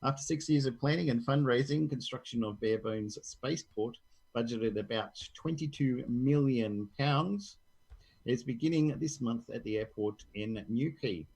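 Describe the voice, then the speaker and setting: Gravelly husky Australian man reading news. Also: medium pitch, normal speed, darkish tone, poor audio. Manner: reads news articles aloud, then jokes about them. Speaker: podcast co-host. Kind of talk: casual tech news chat, reading articles aloud.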